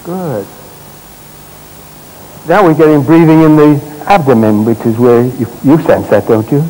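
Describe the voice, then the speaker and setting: A man's voice: mid-range voice, measured pace, low-quality recording. Older-sounding man coaching on stage. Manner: gentle, directive coaching with short commands. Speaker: therapist. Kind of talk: live therapy demonstration. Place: stage at a congress.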